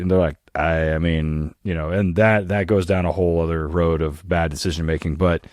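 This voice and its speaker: A deep-voiced man co-hosts a casual podcast, telling stories in a blunt, profane, animated way. His low voice sits close and dry on the mic, with no room sound. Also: fairly quick, hardly any pauses, no echo. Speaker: podcast co-host, police dog program lead. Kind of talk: casual chat.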